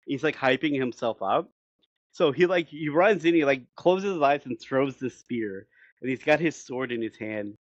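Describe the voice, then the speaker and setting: A man co-hosting a podcast, retelling an anime episode in an animated way and laughing often. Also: mid-range voice, normal speed, no room sound. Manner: animated storytelling with frequent laughs. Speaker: podcast co-host. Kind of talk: casual episode recap. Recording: dull dry lo-fi sound.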